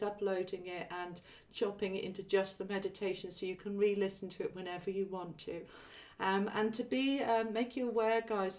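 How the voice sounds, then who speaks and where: A livestream host with a medium-pitched voice, recorded from a distance, chats casually about spiritual topics. She's relaxed, says um a lot, and reads viewer comments aloud.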